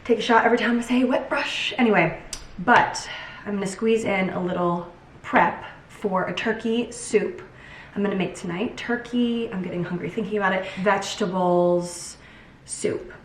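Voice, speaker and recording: A woman's voice: medium pitch, moderate pace, reverberant, recorded from a distance, slight background noise, rough recording. A young woman vlogging casually from her home kitchen, bubbly and chatty, joking as she cooks. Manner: bubbly and chatty, jokes while cooking. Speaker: lifestyle vlogger. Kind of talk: casual vlog chat.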